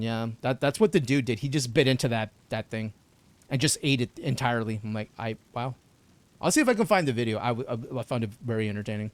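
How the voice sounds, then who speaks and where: A man's voice: medium pitch, no echo. A young man streaming a video game, chatting casually and slangily with viewers, swearing and reacting to the game. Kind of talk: live gameplay commentary.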